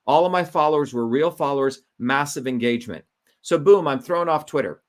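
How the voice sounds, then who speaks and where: A middle-aged man running for the Senate tells his story in an impassioned political monologue, indignant and emphatic, repeating his key points. His voice is a little high, animated, and a little fast.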